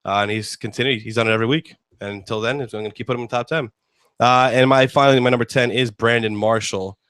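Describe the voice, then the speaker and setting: A man's voice: medium pitch, fairly even intonation, fast, a bit bright, clean tone, no room sound, studio quality. A man hosting a casual sports talk show, rambling and joking with lots of fillers. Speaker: host.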